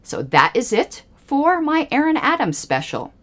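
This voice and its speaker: A woman's voice: sits high, wildly swooping pitch, measured pace, a bit bright. A woman hosting a livestream, giving angry, emphatic political commentary with pointed repetitions. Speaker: livestream host.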